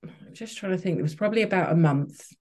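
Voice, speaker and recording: A woman's voice: on the low side, quick pace, a little mellow. Candid woman telling her story. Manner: open, emotional, many restarts and fillers. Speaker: podcast guest.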